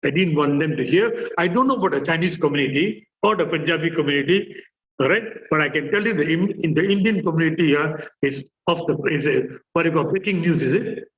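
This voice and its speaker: A man's voice: on the high side, fairly quick, slight background noise, poor audio. A man from Malaysia with a Malaysian English accent, a therapist giving a chatty conference presentation full of fillers and repeats.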